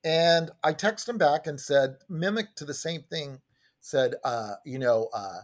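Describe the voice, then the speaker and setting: A man's voice: fairly high pitch, unhurried. A man giving a candid personal testimony at a recovery support meeting, talking conversationally and acting out the people he quotes. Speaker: recovery group speaker sharing.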